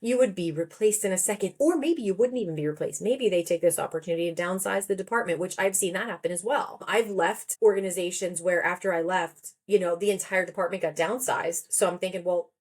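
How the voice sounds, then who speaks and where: Chatty storytelling woman, slightly low voice. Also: brisk, hardly any pauses, darkish tone. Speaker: guest, therapist and author. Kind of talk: conversational podcast interview.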